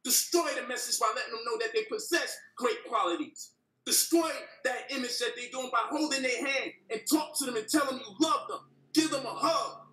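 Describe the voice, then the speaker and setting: A man's voice: very high voice, normal speed, pushed and bright. A man in a heated debate, ranting passionately with heavy profanity and a preachy tone. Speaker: debate guest. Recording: echoey room, distant from the mic.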